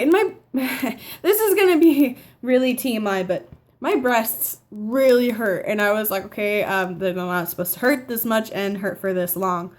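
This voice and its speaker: A nineteen-year-old woman telling a casual story at home, chatty and animated, quoting the people in her story. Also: on the high side. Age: teens. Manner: chatty, animated retelling with quoted dialogue. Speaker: vlogger. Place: home living room by a window.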